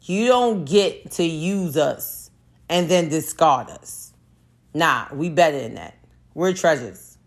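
A woman's voice: low voice, lively intonation, slow. A woman, talking straight to camera in a blunt, profane, emphatic rant. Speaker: commentator. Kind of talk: casual monologue rant.

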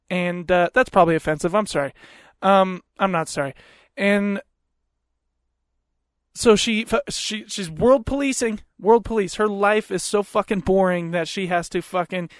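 A man hosting a podcast, telling a story in a profane, animated rant into a close mic. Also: high-pitched, normal speed, dry recording. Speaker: podcast host. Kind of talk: comedic storytelling.

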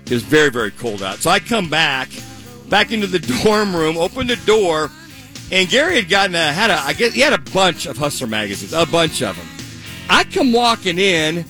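A man co-hosts a sports talk radio show and tells a story in a lively, chatty way, putting on the voices of the people in it. His voice is bright and forceful and sits a little high for a man, with faint music running underneath. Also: normal speed. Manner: animated, acts out quoted voices, laughs while telling. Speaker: radio co-host. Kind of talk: casual storytelling chat.

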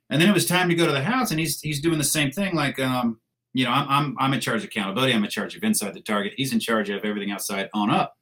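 A man's voice: mid-range voice, fast talker, fairly bright tone. A man, a military veteran, telling a combat story in a blunt, casual, profane way with wry laughs.

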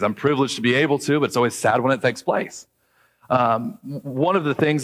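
A man preaching a sermon as pastor, conversational, acting out quoted voices and slowing down to read scripture. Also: mid-range voice, a bit bright, long reverb tail.

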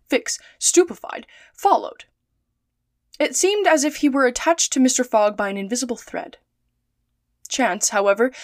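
Storyteller, woman, higher voice, dry close sound, calm measured reading. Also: no echo. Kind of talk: storybook read-aloud.

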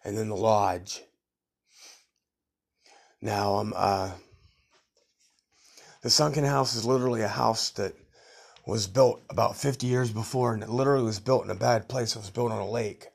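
A man's voice: on the low side, moderate pace, vocal fry, pauses often, breathy edge. A middle-aged man hosting a podcast, telling rambling, blunt stories from his youth in a casual monologue. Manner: rambling, blunt, tough-guy storytelling. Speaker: podcast host.

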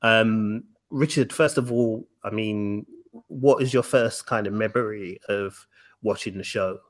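Man, podcast host, low voice, relaxed, chatty, asks questions. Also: measured pace. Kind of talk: casual chat.

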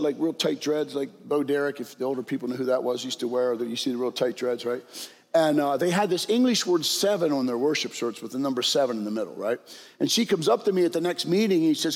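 Gravelly older man preaching in a hall. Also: fairly high pitch. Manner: conversational, frequent "right?" and "okay?" asides. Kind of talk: sermon storytelling.

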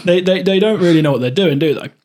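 A man's voice: high voice, fast, darkish tone. A man co-hosting a podcast, rambling casually about films with lots of laughs and restarts. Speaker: podcast co-host.

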